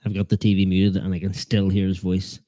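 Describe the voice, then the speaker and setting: A man hosts a live football watchalong, joking at his own expense and needling the chat. His voice sits low and mellow. The sound is dry and close. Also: completely flat delivery, brisk, no echo. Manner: joking, self-deprecating, teasing viewers. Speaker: fan channel host.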